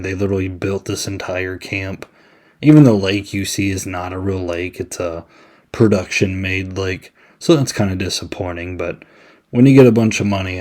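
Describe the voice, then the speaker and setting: A man's voice: deep voice, darkish tone. A man hosting a podcast, giving a casual, chatty movie review with many "I mean"s. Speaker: podcast host.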